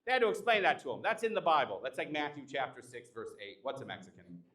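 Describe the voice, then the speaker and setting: A man's voice: a little high, sing-song, fast talker, a bit bright. A young man doing a live stand-up set, brash and teasing the crowd. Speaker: stand-up comedian. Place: live comedy show at an art exhibition.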